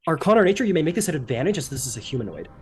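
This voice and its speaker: A man running a tabletop game as game master, narrating loosely with many fillers and breaking into shouted character lines. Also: fairly high pitch, very animated, rapid-fire, background noise. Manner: loose, filler-heavy narration with sudden shouted NPC outbursts.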